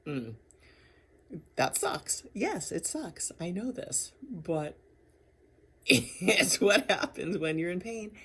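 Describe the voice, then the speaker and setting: A woman's voice: lowish voice, very animated, takes it slowly, pauses often, fairly bright tone, breathy edge. A woman talking candidly in a personal video diary, rambling and laughing often between thoughts. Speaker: vlogger.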